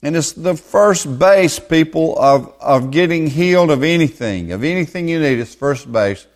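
A man's voice: on the high side, lively intonation, normal speed. Emphatic male Bible teacher, verse-by-verse sermon, hammers points by repetition. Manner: emphatic, repeats words for stress.

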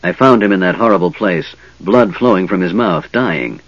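A man's voice: sits low, expressive, moderate pace, slightly rough, no room sound, highs cut off. A man voicing a big, burly young man who speaks in a shaky, emotional voice. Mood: shaken.

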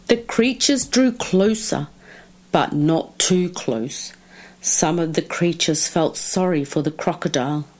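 A woman reading a children's story aloud with slow, expressive, drawn-out phrasing. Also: sits low.

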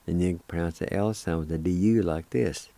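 A middle-aged man teaching words slowly, spelling them out and repeating each syllable, with gentle encouragement. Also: low-pitched, dry recording. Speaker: language teacher and radio host. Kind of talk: slow spoken language lesson.

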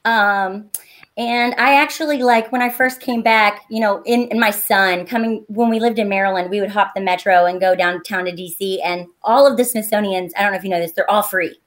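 A woman's voice: medium pitch, fairly even intonation, a little fast, fairly bright tone. A woman in her thirties from eastern Kentucky with a light Appalachian twang, chatting bubbly and laughing often as a podcast guest. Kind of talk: casual chat.

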